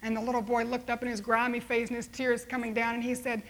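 A woman preaching a sermon, telling a story dramatically and slowing to soft, hushed appeals. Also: a little high, flat delivery.

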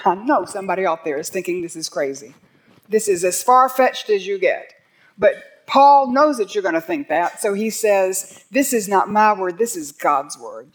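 A woman's voice: medium pitch, expressive, moderate pace. An older woman teaching a sermon, earnest and growing emphatic when she reads scripture aloud. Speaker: Bible teacher.

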